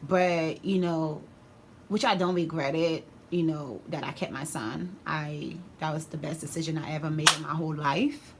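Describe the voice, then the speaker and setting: A young woman telling a personal story on her vlog in a casual, animated way, full of slang. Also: sits low, normal speed, a little hiss or hum. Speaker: vlogger.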